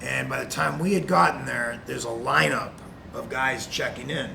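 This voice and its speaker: A middle-aged man from Canada, a retired wrestler telling an animated anecdote as a guest on a video call. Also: medium pitch, moderate pace, vocal fry, noisy background. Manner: animated, acts out quotes. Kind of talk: anecdote storytelling.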